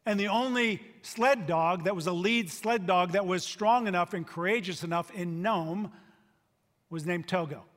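A man with a high, bright, ringing voice preaches a sermon with emphatic force, rising loud and then dropping to a hush. His voice carries the long reverb of a large hall. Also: normal speed. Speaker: pastor.

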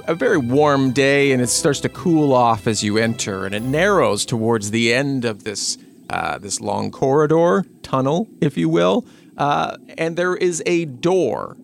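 A man narrating as the game master of a tabletop role-playing game, describing scenes slowly with pauses. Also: mid-range voice, gravelly, slight background noise.

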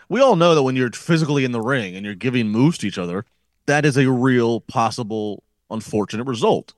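A man's voice: mid-range voice, no echo, studio quality. A man co-hosting a podcast, talking about wrestling in a joking, mock-dramatic way. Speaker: podcast co-host. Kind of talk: casual wrestling talk.

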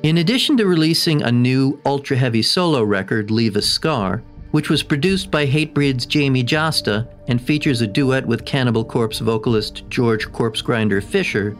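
A man with an ordinary mid-pitched voice reads scripted documentary narration. His delivery is steady and measured. A faint music bed sits under the voice. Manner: measured, even storytelling delivery. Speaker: documentary host.

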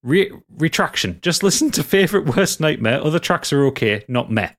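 A man's voice: on the high side, sing-song, brisk, fairly bright tone. A man with a Geordie accent, co-hosting a casual podcast, reading listener messages aloud and joking along the way. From North East England. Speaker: podcast co-host.

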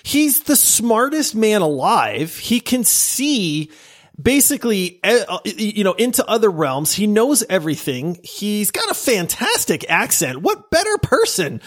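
Male gaming podcast host, lively swooping pitch, jokey animated banter. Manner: animated, jokey, quick to laugh.

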